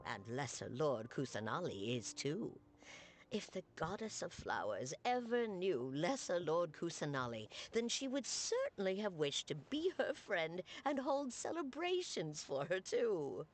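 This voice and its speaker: A woman voicing a gentle young dancer in a game, with a soft storytelling delivery. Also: on the low side, big pitch swings, a little slow. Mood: wistful.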